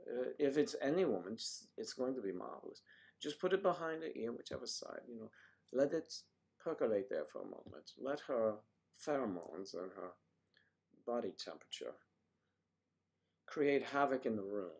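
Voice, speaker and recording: A man's voice: mid-range voice, very animated, moderate pace, creaky, darkish tone. Rambling, joking man hosting a livestream. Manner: musing aloud, reading viewer comments. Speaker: livestream host. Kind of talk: casual livestream chat.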